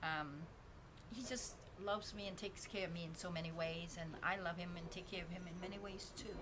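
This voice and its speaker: Speaking a little fast with fairly even intonation, this woman has a lowish voice and a noisy background. She vlogs candidly on her own channel from home, rambling, self-reflecting and restarting often, with a painting behind her and a dedicated mic picking her up indoors.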